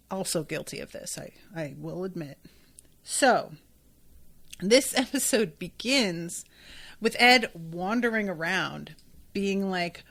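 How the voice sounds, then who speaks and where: A woman's voice: a little high, fairly bright tone. A woman hosting a podcast, casually recapping an anime episode in a chatty, profane way. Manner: chatty and profane, with laughs and asides. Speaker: podcast host.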